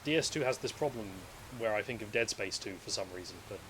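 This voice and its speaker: A man's voice: fairly low pitch, expressive, fast, a bit bright, a little hiss or hum. A man streaming gameplay, rambling and joking casually as he plays, swearing freely. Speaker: streamer playing a video game. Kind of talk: casual live gameplay commentary.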